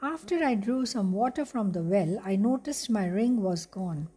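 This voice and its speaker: Cinderella, gentle young princess, read by a woman. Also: medium pitch, lively intonation, normal speed, breathy edge.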